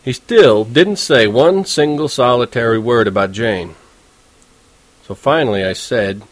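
Male narrator, sardonic first-person read, middle pitch, dry studio sound. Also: measured pace, no room sound. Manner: slangy, sardonic, conversational delivery. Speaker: audiobook narrator.

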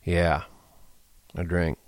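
A man voicing a weary, protective ranch hand who speaks quietly and tiredly in an audiobook reading. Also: deep voice, level tone, drawn-out words, no echo. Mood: tired hushed.

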